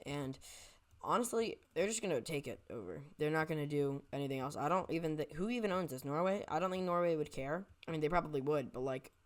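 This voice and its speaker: A voice narrating a made-up map scenario in a casual, rambling way, often stopping to correct itself and tossing in jokey asides. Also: medium pitch. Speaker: map video creator.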